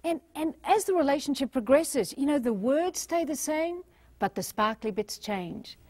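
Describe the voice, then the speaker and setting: Woman seminar trainer, high and very expressive voice, dry close sound. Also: moderate pace, dry recording. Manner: playful and animated, acting out quotes with gasps. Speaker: leadership trainer. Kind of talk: live seminar talk to an audience.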